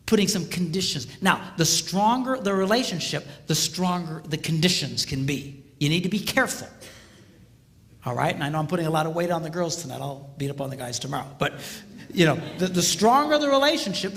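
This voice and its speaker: An older man with a high, lively voice delivers a marriage seminar, swinging between stories and firm advice. The talk is recorded in a hall with a long reverb trailing his words. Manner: animated storytelling, acts out voices.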